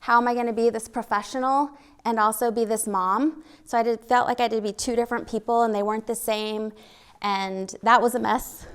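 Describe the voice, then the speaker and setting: A woman's voice: fairly high pitch, fairly even intonation, brisk, clear, resonant tone. A middle-aged woman from Oklahoma with a slight Oklahoma accent, telling her personal story on stage with candid, self-deprecating humor. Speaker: storytelling speaker. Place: stage at a live event.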